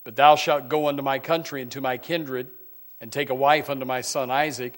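A man preaching a sermon. His volume swings from loud, fervent stretches to hushed, intense passages, with many restarts and repeated words, and he reads scripture in old-fashioned wording. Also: mid-range voice, fairly even intonation, brisk.

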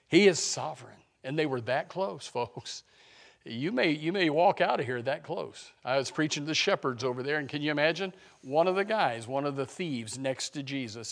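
A pastor delivers a sermon in a gravelly male voice, alternating between booming proclamations and quiet, low passages while posing rhetorical questions to his flock.

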